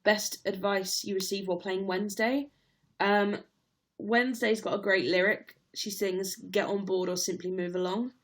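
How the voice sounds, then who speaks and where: A woman's voice: medium pitch, steady tone, moderate pace. A young woman, casually chatting on a livestream and reading out viewer comments, laughing readily. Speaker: livestream host.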